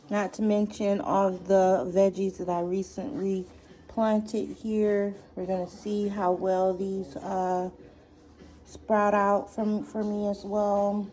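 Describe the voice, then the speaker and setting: A woman's voice: medium pitch, flat delivery, slow pace, mellow. A woman talking casually to her phone camera while tending seedlings indoors, thinking aloud with lots of fillers and restarts. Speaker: gardening vlogger. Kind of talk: casual home gardening vlog.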